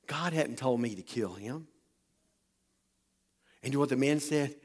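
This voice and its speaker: A man preaching a sermon, retelling a Bible story with animated energy and calling on the congregation to listen up. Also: mid-range voice, a little slow, slightly rough. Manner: animated, talks directly to the congregation. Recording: long hall reverb.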